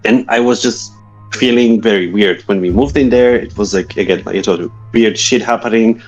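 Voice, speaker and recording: A man's voice: fairly low pitch, moderate pace, soft background music, rough recording. A man from Slovakia in his thirties with a Slovak accent, telling a story as a guest in a casual interview, with hesitant, filler-heavy, nonnative phrasing.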